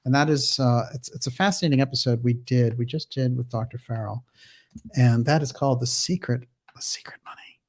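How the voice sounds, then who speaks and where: Pria pembawa acara siaran langsung yang ceria. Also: male voice, medium pitch, a little fast. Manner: reads out viewer names and comments, upbeat. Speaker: livestream host. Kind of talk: casual livestream chat.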